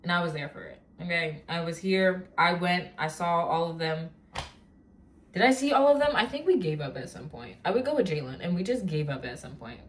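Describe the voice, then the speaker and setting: A young woman vlogging in casual chat, talking in an animated, rambling rant full of filler words. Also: on the low side, a little fast, slight background noise.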